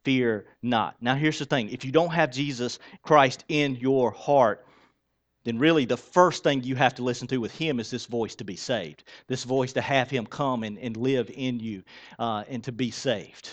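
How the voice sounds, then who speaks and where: A male pastor with a medium-pitched voice preaches conversationally at a moderate pace, posing rhetorical questions to the congregation and swinging between soft and loud for emphasis.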